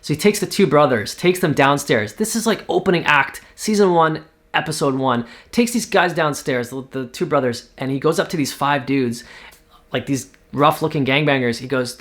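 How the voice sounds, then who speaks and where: A man from Canada casually pitching a TV series, talking in a rambling way with lots of fillers. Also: moderate pace, fairly bright tone. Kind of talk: casual spoken story pitch.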